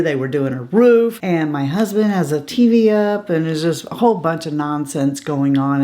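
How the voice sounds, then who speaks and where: A woman's voice: low-pitched, darkish tone. A middle-aged woman chatting casually and frankly while reviewing beauty products, often laughing and asking "okay?". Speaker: beauty vlogger.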